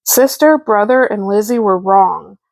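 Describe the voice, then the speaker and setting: A woman reading a children's picture book aloud, slow, clear and expressive. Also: mid-range voice. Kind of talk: storybook read-aloud.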